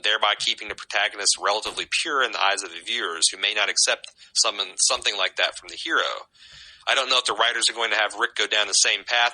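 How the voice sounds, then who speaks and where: Podcast guy, lowish voice but super bright and punchy, opinionated chat. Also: poor audio. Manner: opinionated, reads listener comments aloud. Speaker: podcast co-host. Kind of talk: casual chat.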